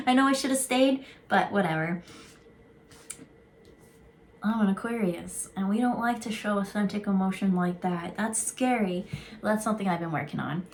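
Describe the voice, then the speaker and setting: A woman's voice: mid-range voice, a little hiss or hum. Chatty woman giving an intuitive reading. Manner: rambling, chatty, casually swearing. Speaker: intuitive card reader. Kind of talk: casual channeled reading.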